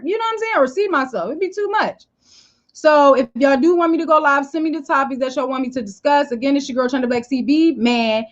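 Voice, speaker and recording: High-voiced animated woman livestreaming. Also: highs cut off. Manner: animated, emphatic, repeats "okay?" and "you know". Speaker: livestream host. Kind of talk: casual live-stream talk. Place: living room at home.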